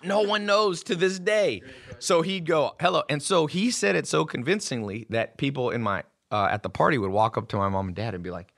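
A man's voice: mid-range voice, a little fast, creaky, a bit bright. A man hosting a podcast in casual chat, telling brash stories and swearing freely. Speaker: podcast host. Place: studio table with guests.

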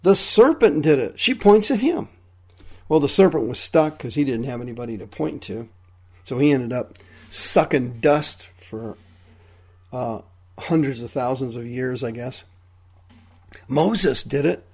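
A man's voice: medium pitch, animated, a little slow, pauses often, a little mellow, breathy edge. A man preaching a radio sermon, firing rhetorical questions and retelling Bible scenes in a folksy, conversational way.

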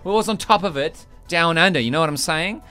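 Male breakfast radio host, playful and teasing, quick to laugh. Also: fairly high pitch, sharp tone, clear, resonant tone, soft background music. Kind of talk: comedic breakfast radio banter.

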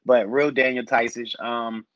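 A man talking basketball in a relaxed, rambling conversational way, musing over players and roster fits. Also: mid-range voice, a little slow, no room sound, muffled recording. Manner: thoughtful, rambling with fillers. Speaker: basketball podcast analyst. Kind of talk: casual sports discussion.

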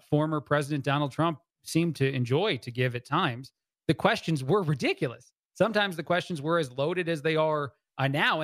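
A male fill-in radio host thinks aloud on air, circling back on himself with fillers and restarts. His voice sits slightly high for a man. The studio sound is dry and close. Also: a bit bright, no room sound. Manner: rambling, frequent "uh" fillers and restarts. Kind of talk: talk radio commentary.

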